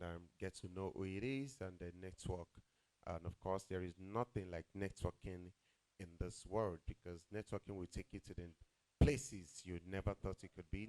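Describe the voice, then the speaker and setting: Nigerian male emcee, Yoruba accent, a bit low-pitched, jokey and teasing with the room. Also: darkish tone. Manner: playful, teasing, switches into Yoruba asides. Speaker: master of ceremonies. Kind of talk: joking event hosting.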